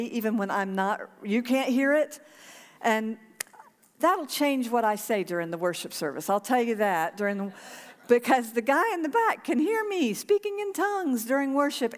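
A woman's voice: on the high side, big-room sound. A woman pastor preaching a sermon to her congregation, earnest and urging them to repeat a prayer. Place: church sanctuary.

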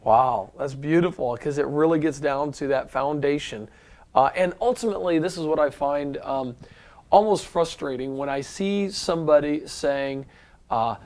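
Brief: male interview host, enthusiastic, slightly high, halting. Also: a little mellow. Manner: enthusiastic, hesitant with fillers. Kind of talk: casual interview.

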